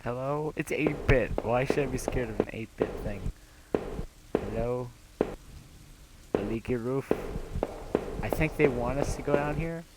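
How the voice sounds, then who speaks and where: A young man does casual let's-play commentary on a horror game, reading its text aloud and reacting with nervous laughs and whispers. His mid-range voice moves at normal speed. The recording is very noisy, with loud rain and thunderstorm sounds from the game behind him.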